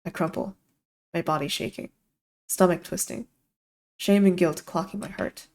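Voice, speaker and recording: Intense woman narrating a dark story. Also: fairly low pitch, normal speed. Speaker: streamer. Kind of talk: dramatic reading of a visual novel.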